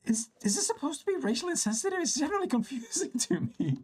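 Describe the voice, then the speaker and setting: A woman's voice: high-pitched, very animated, fast, darkish tone. A woman hosting a livestream, chatting casually in a blunt, teasing way with frequent swearing. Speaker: livestream host. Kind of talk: casual chat.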